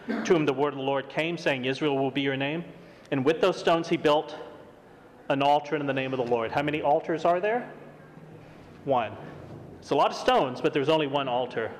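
A middle-aged man preaching a sermon, reading scripture and acting out the quotes in a lively, high voice. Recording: long hall reverb.

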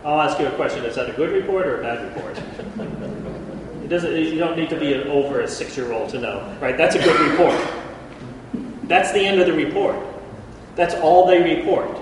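A man preaching a lively Bible lesson, who jokes with the room and calls out listeners by name. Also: a little high, moderate pace, pauses often. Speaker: preacher teaching a Bible class. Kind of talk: lively sermon. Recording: echoey hall from far off, faint noise.

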